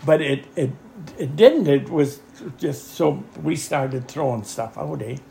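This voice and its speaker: A man's voice: mid-range voice, a little slow, gravelly, warm tone. An older man tells a long rambling story in an interview, often saying "anyhow" and chuckling along the way. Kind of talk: oral history storytelling. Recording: echoey room with faint ambient noise.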